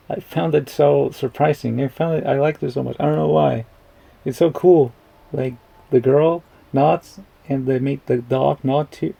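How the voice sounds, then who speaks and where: Gravelly-voiced man reacting to a movie. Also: a little high, mellow, rough recording. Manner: rambling, chuckling, swears casually. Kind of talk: casual movie reaction commentary.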